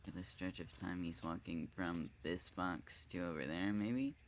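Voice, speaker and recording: A man commenting on his own live game stream, thinking out loud in a slow, drawn-out way. He swears freely and pokes fun at himself. A faint hiss sits under the voice. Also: low voice. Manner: thinks aloud, swears often, self-mocking.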